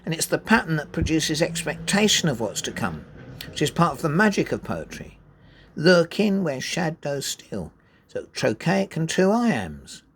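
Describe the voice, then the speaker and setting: A man teaching how to work out the metre of a poem, reading lines slowly with marked stress and explaining with emphatic restarts. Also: fairly high pitch, huge pitch swings, a bit bright, slight background noise. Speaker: poetry teacher. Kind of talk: explanatory lesson.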